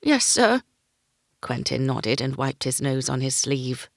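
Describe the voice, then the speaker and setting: A woman's voice: rumbling low, monotone, unhurried, gravelly, dry recording, studio quality. A woman narrating a first-person fantasy audiobook, giving each character a voice.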